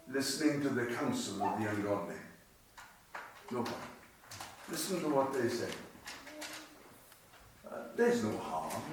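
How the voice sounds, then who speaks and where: Man preaching in an echoey chapel. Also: medium pitch. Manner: conversational, emphatic repetitions, asks rhetorical questions. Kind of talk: sermon. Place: cemetery chapel. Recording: echoey chapel, distant mic, faint noise.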